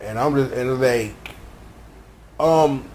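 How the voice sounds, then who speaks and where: A man giving a comedic, slangy episode recap, joking and animated as he tells the story. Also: mid-range voice, slow, a little hiss or hum. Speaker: show recap commentator.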